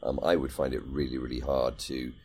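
A man's voice: rumbling low, little pitch movement, brisk, darkish tone, husky. A man co-hosting a podcast in casual, rambling chat, thinking aloud with plenty of ums and restarts. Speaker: podcast co-host.

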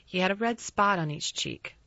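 A woman reading a storybook aloud in a calm, measured narration. The recording is dry and slightly dull, with nothing behind her. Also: fairly low pitch, creaky, no room sound. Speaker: audiobook narrator.

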